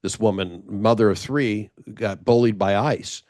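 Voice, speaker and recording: A man's voice: fairly low pitch, a little slow, darkish tone, no echo, studio quality. A man hosting a podcast, asking casual interview questions, rambling and restarting his sentences along the way. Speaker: podcast host.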